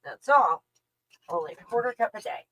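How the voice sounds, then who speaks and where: On her livestream, a middle-aged channel host rambles in casual chat, laughing a lot and addressing her dog. She has an expressive mid-range voice with a fairly bright tone and normal speed, and there's a little hiss or hum.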